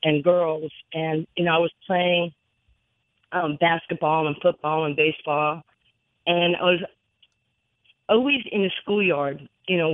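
A middle-aged woman, a radio guest, telling a personal story with many fillers and an earnest, halting way of talking. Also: on the low side, no echo. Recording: tinny phone line, dry.

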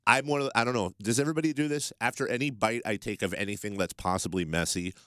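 A man's voice: lowish voice, fast talker, fairly bright tone, no room sound, clean studio sound. A man hosting a morning radio show, chatting casually and self-deprecatingly, often restarting his sentences.

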